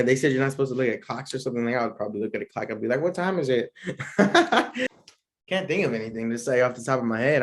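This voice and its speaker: Laid-back young man with AAVE slang. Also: mid-range voice. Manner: laid-back, rambling, slangy, laughs often. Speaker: podcast host. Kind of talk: casual solo podcast chat.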